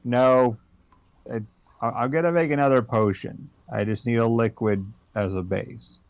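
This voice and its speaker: A man's voice: mid-range voice, fairly even intonation, unhurried, dry recording. A man playing a tabletop game, thinking aloud and hesitating as he describes his moves, on a dull lo-fi mic. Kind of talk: casual play and banter.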